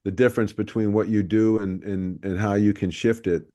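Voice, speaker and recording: A man's voice: fairly low pitch, fairly even intonation, normal speed, mellow. A man co-hosting a podcast, chatting casually and joking with a guest. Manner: laughs often, jokey. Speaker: podcast co-host. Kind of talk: casual chat.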